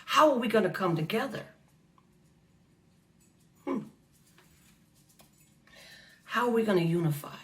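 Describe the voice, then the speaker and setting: A woman delivers an impassioned faith talk in a preacherly way, repeating her lines and calling the crowd honey and baby. Her pitch sits in an ordinary middle range. She sounds a little distant from the microphone. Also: lively intonation, measured pace, pauses often, a bit bright. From United States. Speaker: speaker at a faith awards event.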